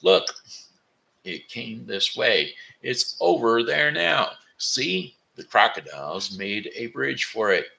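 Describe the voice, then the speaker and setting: A man voicing an angry mob of jungle animals led by a wild boar, yelling high-pitched alarms in a storybook. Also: lively intonation, normal speed, gravelly, hardly any pauses, heavily acted. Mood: furious.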